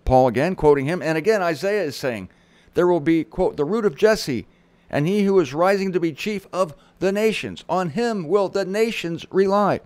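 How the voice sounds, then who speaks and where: A middle-aged man gives a Bible teaching in a lively sermon style, his voice sitting fairly high for a man. He reads scripture aloud with dramatic emphasis and slips in chatty asides. The recording is close and dry, with no room sound. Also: moderate pace, no room sound. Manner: conversational asides.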